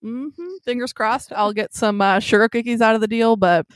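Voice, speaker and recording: A woman's voice: on the high side, moderate pace, clean tone, dry recording, studio quality. Chatty woman acting out her quotes. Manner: animated storyteller acting out quotes. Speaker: friend chatting. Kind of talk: casual chat.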